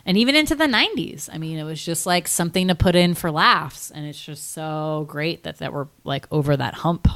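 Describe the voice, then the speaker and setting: A woman's voice: sits low, brisk, hardly any pauses, a bit bright. A woman co-hosting a podcast in casual chat, easygoing and explaining with many fillers. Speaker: podcast co-host.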